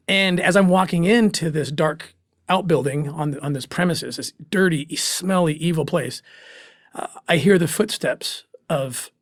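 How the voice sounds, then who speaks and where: Telling a personal story as an interview guest, this former special agent looks back on his fieldwork in a somewhat high male voice. Emotional and earnest, he pauses often and restarts his thoughts, and the audio is close and dry with no room sound.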